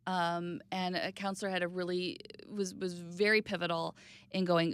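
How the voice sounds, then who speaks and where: A woman in her thirties speaking candidly and reflectively as an interview guest, sometimes dropping to a soft, quiet voice. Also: little pitch movement, normal speed, clear, resonant tone, no echo. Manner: reflective, plainspoken, drops to a soft low voice on hard news.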